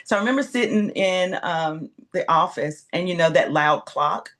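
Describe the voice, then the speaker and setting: A woman's voice: on the low side, moderate pace, a little hiss or hum. A woman in her fifties telling a personal story as an interview guest, acting out quoted dialogue. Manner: animated, acts out quoted dialogue. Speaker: guest entrepreneur.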